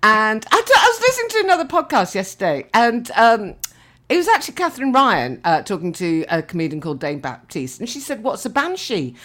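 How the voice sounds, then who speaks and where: Chatty older woman, lively pitch. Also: brisk. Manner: chatty storyteller, laughs often, acts out her own thoughts. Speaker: podcast co-host. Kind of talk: casual chat.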